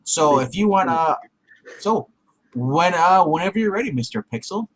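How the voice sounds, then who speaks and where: Male co-host, casual reaction chat, somewhat high voice, jokey and quick to laugh. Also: animated. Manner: jokey, laughs often, restarts sentences. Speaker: co-host of a movie reaction show.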